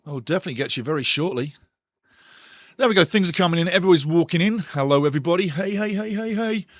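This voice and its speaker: A man hosting a live football watch-along stream, chatty and excitable as he greets his chat and reads out the lineups. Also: a little high, fast, dry recording, studio quality. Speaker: watch-along show host.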